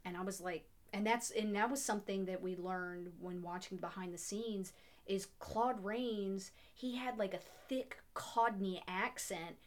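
A woman's voice: mid-range voice, a little slow. A woman co-hosting a podcast, talking about an old film in a casual, enthusiastic way, full of "like" and restarts. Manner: enthusiastic, filler-heavy with many restarts. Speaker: podcast co-host.

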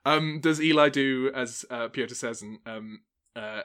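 Slow, hesitant male game master. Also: medium pitch, fairly bright tone, smooth. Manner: halting, many fillers. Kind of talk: narrating a tabletop game.

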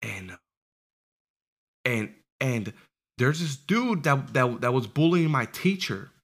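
A man in his twenties telling a story in casual, profane chat, lively and laughing as he goes. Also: mid-range voice, slow. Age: 20s. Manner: animated, profane, laughs while telling stories.

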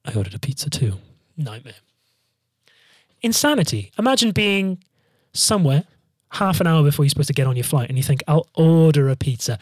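A man's voice: on the high side, normal speed, long pauses, no echo, studio quality. Swearing young man telling a tour story. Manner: swears freely, animated, acts out quotes. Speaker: band frontman hosting a podcast. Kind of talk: casual storytelling monologue.

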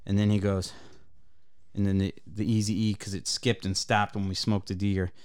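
A man's voice: lowish voice, level tone, moderate pace, a little mellow, clear, resonant tone. A man from Michigan, a podcast co-host, telling rambling, profane anecdotes in casual chat. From Michigan, USA.

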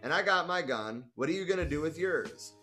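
A man voicing a defiant young male activist leader, speaking forcefully and confrontationally. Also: a little high, expressive, brisk, soft background music, pitched above the performer's own voice.

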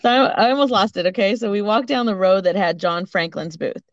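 A woman co-hosting a podcast, telling a story in casual chat, animated, laughing often and acting out what people said. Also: mid-range voice, a little fast, no echo. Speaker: podcast co-host. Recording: dull lo-fi audio.

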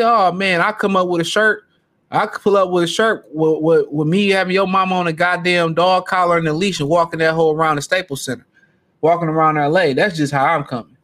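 A man's voice: high voice, a bit bright. A man hosting a solo podcast, ranting casually with brash, profane trash talk. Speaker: podcast host.

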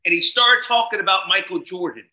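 A man guesting on a podcast, telling a story in an animated way, acting out quotes and swearing casually. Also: high voice, a little fast, roomy sound, poor audio.

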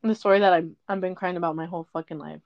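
A young woman in her twenties talking candidly in a rambling personal podcast monologue, full of fillers and quick apologies. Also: lowish voice, fairly even intonation. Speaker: podcast host. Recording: dull lo-fi dry sound.

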